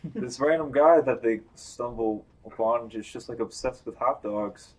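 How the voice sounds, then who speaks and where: A young man chatting casually on a movie review podcast, animated, acting out lines he quotes. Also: mid-range voice, unhurried, rough recording. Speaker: podcast host.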